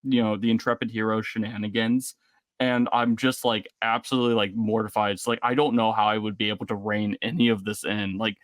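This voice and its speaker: A man's voice: on the low side, level tone, brisk, no echo. A man hosting a casual interview, talking in a rambling way with many fillers and restarts. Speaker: interviewer host.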